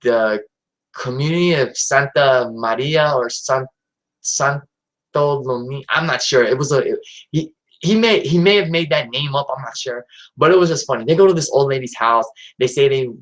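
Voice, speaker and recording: A man's voice: medium pitch, moderate pace, a bit bright, rough recording. A man hosting his own live stream, talking casually and hesitantly with lots of fillers and restarts. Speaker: channel host.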